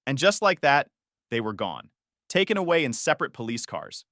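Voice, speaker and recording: A man's voice: mid-range voice, sing-song, moderate pace, a bit bright, dry recording, studio quality. A man narrating a first-person story in a tense, dramatic way.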